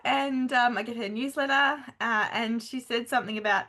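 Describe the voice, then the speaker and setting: A woman's voice: fairly high pitch, fairly even intonation, moderate pace, sharp tone. A woman co-hosting a podcast, chatting casually and acting playfully hurt in a self-deprecating way. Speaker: podcast co-host. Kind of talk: casual chat.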